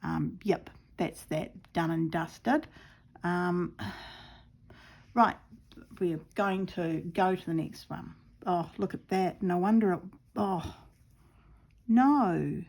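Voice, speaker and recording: Slow, gravelly woman chatting while crafting. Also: on the low side, darkish tone. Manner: chatty, talks to herself, laughs at her own mishaps. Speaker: craft vlogger. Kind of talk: casual talk-through while stitching.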